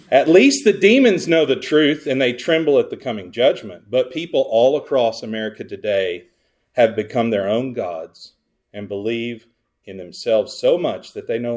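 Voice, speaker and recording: A man preaching a sermon at a mid pitch. He leans on sarcasm and keeps asking the congregation questions. His loudness keeps jumping between strong emphasis and near-murmured asides. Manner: wide swings between loud emphasis and quiet asides. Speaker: pastor.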